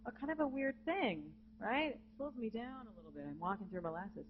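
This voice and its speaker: A woman's voice: fairly high pitch, big pitch swings, fairly quick, hardly any pauses, dull audio, a little hiss or hum. A woman teaching a vocal jazz masterclass, chatty and breaking into short sung phrases. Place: conference hall with live student audience.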